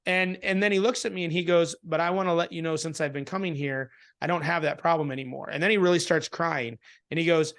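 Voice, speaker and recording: A man tells a personal story in a relaxed interview. He speaks with a fairly high voice, is animated, restarts a lot and acts out what people said. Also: quick pace, hardly any pauses. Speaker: interview guest. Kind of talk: casual storytelling in a conversation.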